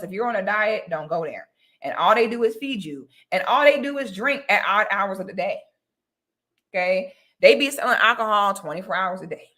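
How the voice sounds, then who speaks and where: A woman's voice: mid-range voice, a bit bright. A young woman, chatting casually and animatedly straight to her viewers. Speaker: vlogger talking to viewers. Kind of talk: casual chat to camera.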